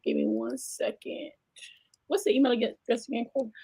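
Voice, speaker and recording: A Southern American woman who hosts a talk show and pastors a church chats casually on a live stream, reading out viewer comments. She's animated and exclamatory, with a fairly high, gravelly, husky voice and a slightly fast delivery.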